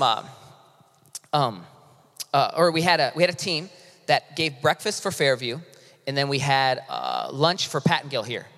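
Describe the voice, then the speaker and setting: A man preaching as pastor in a casual, impassioned sermon that swings between loud and hushed, with frequent restarts. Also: fairly high pitch. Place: church sanctuary. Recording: long reverb of a large hall.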